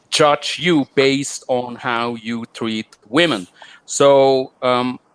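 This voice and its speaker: A man's voice: mid-range voice, clean tone. A man hosting a live online talk show, delivering a combative, rambling monologue full of fillers. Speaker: host.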